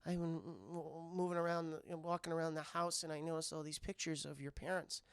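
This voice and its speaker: A man voicing a sad, timid orphaned boy who talks quietly and hesitantly. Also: a little high, level tone, fast talker, clean tone, no echo, lightly acted.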